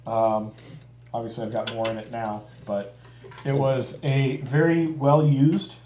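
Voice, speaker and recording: A man in casual chat, telling stories in an easygoing, drawn-out way and often trailing off. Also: mid-range voice, level tone, dark tone, roomy sound, slight background noise.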